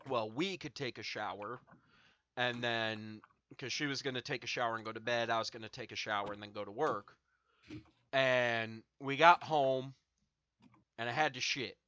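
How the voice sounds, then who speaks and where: A man's voice: medium pitch, fairly even intonation, normal speed, bright, forceful tone, no room sound, highs cut off. A young man hosting a stream, smoking and telling a long, profanity-laced story in a rambling, filler-heavy way. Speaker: streamer host. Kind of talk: casual storytelling to chat.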